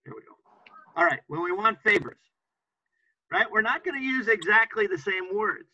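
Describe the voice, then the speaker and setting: A man's voice: sits high, animated, normal speed, sharp tone, no echo, lo-fi sound. A man teaching an English class to students, patiently repeating example phrases and often checking understanding with "right?".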